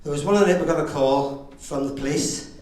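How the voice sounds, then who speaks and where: A man's voice: a little high, normal speed, a little mellow. A middle-aged man with a Northern Irish accent giving a father-of-the-bride wedding speech, telling jokey stories with chuckles. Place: wedding reception hall. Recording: very echoey hall, far from the mic.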